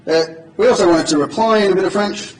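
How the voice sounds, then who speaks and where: A man's voice: high voice, fast talker, slight background noise. A man at a conference giving an informal, joking live coding demo to an audience in a large hall. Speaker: conference speaker. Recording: echoey hall from far off.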